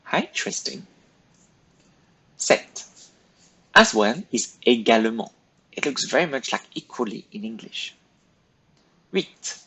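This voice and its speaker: A male teacher with a slightly husky, breathy voice at a mid pitch talks pupils through a recorded lesson. He is patient and methodical, setting out each step in turn. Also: big pitch swings, slow pace, pauses often, bright, forceful tone, poor audio. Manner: patient, step-by-step, clearly paced directions to pupils. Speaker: French teacher. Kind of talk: recorded classroom lesson instructions.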